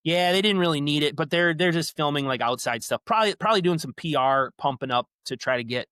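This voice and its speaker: A man co-hosting a podcast, retelling horror movie scenes in an animated, casual way, swearing now and then. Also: fairly high pitch, fast, dry recording, clean studio sound. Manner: animated storytelling, swears, says yeah a lot. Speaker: podcast co-host. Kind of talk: casual movie recap chat.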